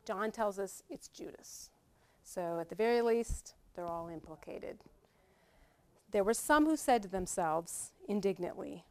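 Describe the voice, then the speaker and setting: A middle-aged woman teaching a Bible study in a chatty, lively way, often laughing as she explains. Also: medium pitch, unhurried.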